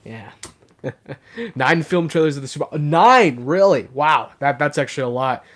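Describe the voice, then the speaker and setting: A young man hosts his live stream, reading chat aloud and talking casually. Being sick has roughened his voice a little. He sits somewhat high in pitch and chatters eagerly with plenty of "um"s. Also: a little slow. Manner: chatty and excitable, full of fillers. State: sick, voice sounds rougher than usual.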